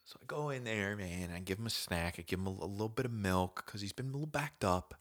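A young man hosting his own podcast, telling a casual story in a slangy, animated way, dropping to whispers and jumping to shouts as he acts it out. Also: fairly low pitch, fast talker. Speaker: podcast host.

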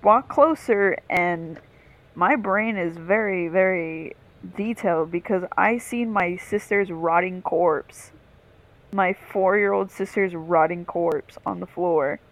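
A woman's voice: on the low side, takes it slowly, rough recording. A young woman co-hosting a casual podcast, telling a long story in a rambling, profane way. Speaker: podcast co-host.

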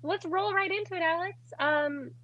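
Young woman podcasting, high husky voice, bubbly and giggly, kinda dull lo-fi sound. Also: normal speed, noisy background. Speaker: podcast co-host. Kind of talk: casual chat.

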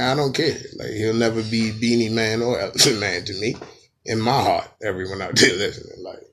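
A man's voice: fairly low pitch, a bit bright, slight background noise. Profane, playful male podcast host. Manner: profane, playful, breaks into sung imitations. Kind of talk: casual comedic rant.

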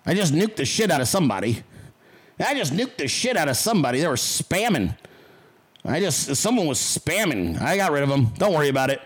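A man's voice: fairly high pitch, big pitch swings, a little fast, breathy edge, rough recording. A man hosting a livestream, ranting at his chat with heavy profanity and mocking sarcasm. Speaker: livestream host.

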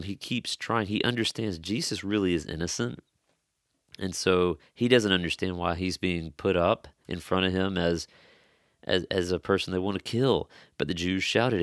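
A man's voice: low-pitched, fairly even intonation, moderate pace, dry recording, studio quality. A man preaching an expository sermon in an earnest, conversational way, stressing key phrases.

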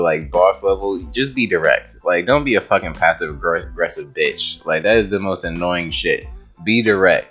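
A man's voice: low-pitched, normal speed, fairly bright tone, husky, dull audio, soft background music. A young man telling a story to camera in a casual, rambling way, swearing often and filling his talk with "like.". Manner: rambling, profane, with frequent "like" fillers and laughs.

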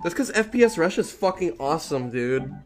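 A young man co-hosting a podcast in crude, excitable banter, swearing and laughing a lot. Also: on the high side, fairly quick, faint music behind. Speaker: podcast co-host.

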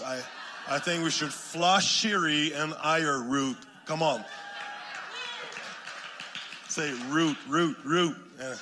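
A man with a Quebec French accent preaching a sermon as a guest speaker, joking and then rising to fervent shouting. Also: a little high, background noise. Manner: jokey and warm at first, then builds to fervent shouted preaching. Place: church sanctuary. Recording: long hall reverb in a church.

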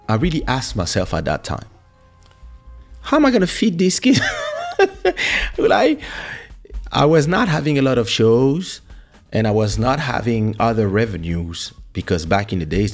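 A man hosting a podcast, telling a personal story in an animated way, with many restarts and acted quotes. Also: lowish voice. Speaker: podcast host. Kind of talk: storytelling monologue.

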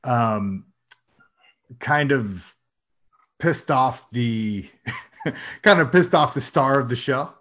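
A man's voice: mid-range voice, extremely slow, pauses often, a bit bright. A young man co-hosting a casual podcast chat, probing and pushing back with questions. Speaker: podcast co-host.

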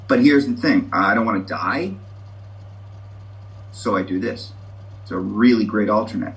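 A man's voice: fairly low pitch, a little slow, long pauses, a bit bright, low-quality recording. Brief: man, self-mocking and candid, sharing his story on a video call. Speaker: meeting member sharing. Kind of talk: recovery meeting share.

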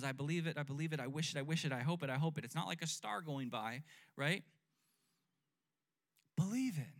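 A man's voice: a little high, fairly bright tone. Conversational male pastor preaching. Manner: conversational preaching with call-and-response, varying pace and emphasis. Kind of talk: sermon.

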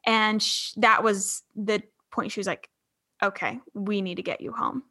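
A woman's voice: mid-range voice, fairly even intonation, unhurried, bright, forceful tone. A woman in her twenties telling a personal story in a candid, rambling interview, with many restarts. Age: 20s. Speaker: guest.

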